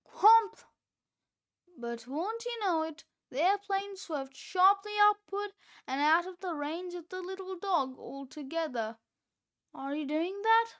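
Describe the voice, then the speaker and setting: A woman reading a children's book aloud, with expressive, deliberate narration. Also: very high-pitched. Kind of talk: read-aloud storybook narration.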